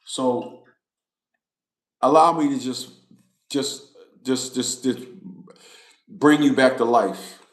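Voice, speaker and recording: A man's voice: medium pitch, slow, long pauses. A man talking straight to his viewers in a casual monologue, emphatic and repetitive, like a preacher. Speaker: vlogger. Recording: roomy echo.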